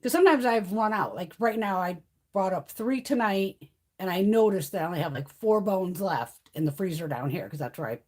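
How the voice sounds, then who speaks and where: A woman's voice: mid-range voice, animated, a little fast, a little mellow. A woman hosting a live stream from home, chatting casually, swearing freely and laughing often. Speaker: livestream host. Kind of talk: casual chat.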